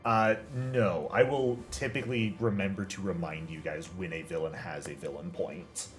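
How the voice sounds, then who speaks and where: A man's voice: sits low, fairly even intonation, moderate pace, faint music behind. A man running a tabletop game as game master, explaining rules and laughing often.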